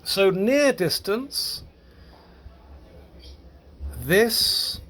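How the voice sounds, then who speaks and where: A man teaching Spanish grammar to English speakers, explaining step by step, halting and correcting himself as he goes. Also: high-pitched, big pitch swings, fairly bright tone. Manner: slow, halting, with restarts and self-corrections.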